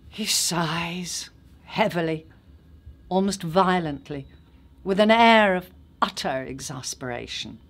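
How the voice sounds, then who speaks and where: Actress reading a short story out loud, deep-ish voice, takes her time. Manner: measured, unhurried storytelling.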